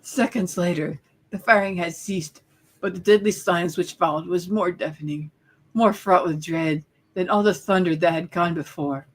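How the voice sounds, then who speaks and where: Grieving young prince read by a woman, solemn and measured. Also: fairly low pitch, lightly acted. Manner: solemn, measured first-person narration. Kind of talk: dramatic comic narration read aloud.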